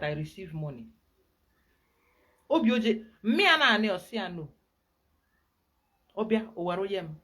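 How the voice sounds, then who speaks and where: A woman with a Nigerian accent, a spiritual guide giving an emphatic, animated teaching talk. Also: medium pitch.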